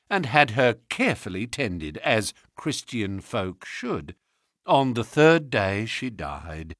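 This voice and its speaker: A man's voice: fairly low pitch, fairly bright tone, dry recording, clean studio sound. A man doing an unctuous, cruel villain. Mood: mocking. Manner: unctuous, smooth and ingratiating. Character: unctuous, cruel middle-aged male villain.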